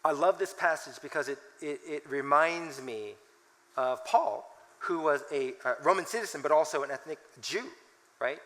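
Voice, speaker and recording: Brief: man in his forties, animated conference speaker, high bright voice, long hall reverb. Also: normal speed. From United States. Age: 40s. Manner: animated, self-mocking storytelling with laughs. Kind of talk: talk with scripture reading.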